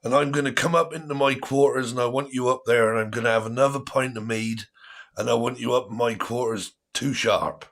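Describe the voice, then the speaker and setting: A man's voice: medium pitch, steady tone, fairly bright tone, close to an everyday voice. A man putting on the voice of a lecherous, boozy male pirate captain, drawing out his flirty lines. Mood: leering. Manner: leering, drawn-out flirty drawl.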